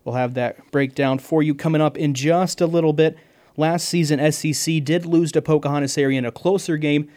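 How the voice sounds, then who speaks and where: A man hosting a radio sports scoreboard show, talking fast and pausing to catch his breath. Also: a little high, steady tone, darkish tone.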